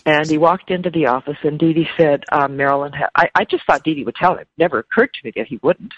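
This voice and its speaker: Halting woman on a dull dry recording. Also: low voice, breathy edge, no echo. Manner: halting, repeats words when moved. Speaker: interview guest. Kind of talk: emotional personal interview.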